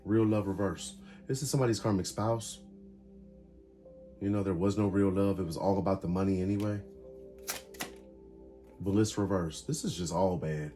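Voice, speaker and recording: A man's voice: deep voice, fairly even intonation, normal speed, pauses often, dark tone, soft background music. A man giving a casual tarot reading, calling out cards in short emphatic bursts. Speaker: tarot reader.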